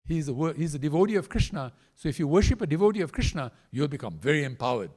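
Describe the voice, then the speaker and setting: A male preacher in a temple hall retells a sacred story, his higher-than-usual voice swinging widely in pitch. He narrates with animated, theatrical delivery and acts out each character. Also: fast talker. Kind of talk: storytelling sermon.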